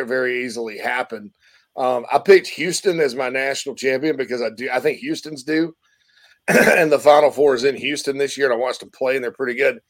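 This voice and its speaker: A man hosting a sports talk show, chatting casually and rambling with many fillers. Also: medium pitch.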